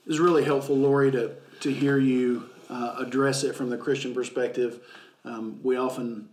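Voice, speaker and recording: Pastor host, echoey and distant. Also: male voice, medium pitch, steady tone, moderate pace, a little hiss or hum. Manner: affirming listener, soft agreeable interjections. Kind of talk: podcast conversation. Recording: echoey, set back from the mic.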